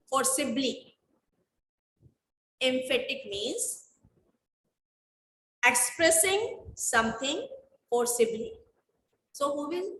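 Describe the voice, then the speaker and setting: Woman, online class teacher, slow and repetitive, high bright voice, echoey room. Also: slight background noise. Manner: slow, repetitive, quizzing students. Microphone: video call.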